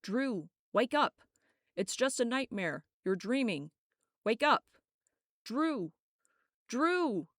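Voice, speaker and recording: A woman's voice: sits low, steady tone, takes it slowly, gravelly, darkish tone, no echo, studio quality, heavily acted. A woman reading an audiobook, voicing a protective young man who comforts a frightened friend. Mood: urgent. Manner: urgent, then soothing.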